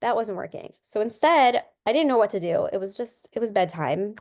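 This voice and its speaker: A woman's voice: medium pitch, lively intonation, fairly quick, a little mellow. A woman, a guest counselor and coach, talking casually in an interview and explaining ideas through examples, often repeating a word as she restarts.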